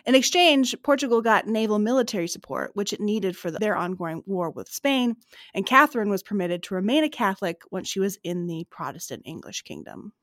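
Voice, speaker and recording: A woman co-hosts a history podcast, her voice pitched in a middle range. Her reading is steady and even. The sound is close and dry, with no room around it. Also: fairly quick, no room sound. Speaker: podcast co-host.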